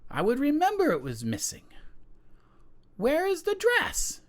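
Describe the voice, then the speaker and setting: A man's voice: very high voice, wildly swooping pitch, measured pace, voice pushed up, full character voice. Man doing a shrieking furious queen. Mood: shrill, furious. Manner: shrieking, commanding. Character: shrill furious queen, imperious and accusing.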